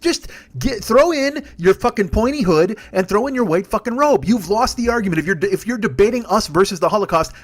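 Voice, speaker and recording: A man's voice: high voice, lively intonation, a little fast. Sweary male comedian on an angry rant. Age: 40s. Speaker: comedian podcast host.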